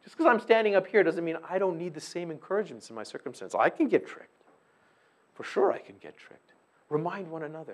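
A middle-aged male pastor delivering a sermon in a somewhat high voice. He is very animated, with wide swings in pitch, and moves between loud emphatic bursts and soft, hushed passages. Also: brisk.

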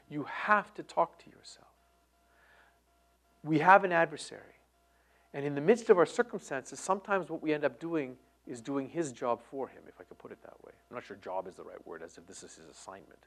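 A middle-aged man preaching a sermon, moving between loud emphatic lines and hushed near-whispers. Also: fairly high pitch, animated, normal speed. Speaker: pastor.

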